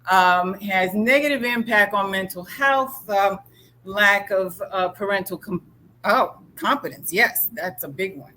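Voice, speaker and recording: A woman giving a motivational talk as a guest speaker in an animated, storytelling way. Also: medium pitch, a little slow, a little hiss or hum.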